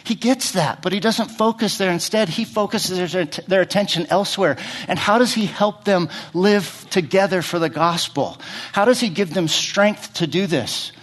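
Slightly high-voiced middle-aged preacher. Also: male voice, moderate pace, a bit bright. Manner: asks the congregation many rhetorical questions; speaks in short fragments, repeating words as he restarts. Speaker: pastor. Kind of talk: sermon.

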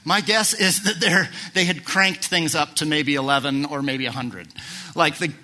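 A middle-aged male pastor preaching with a bright, slightly tense voice pitched a little high. He delivers an animated sermon, firing off rhetorical questions. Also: normal speed. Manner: animated, asks rhetorical questions, acts out quoted lines.

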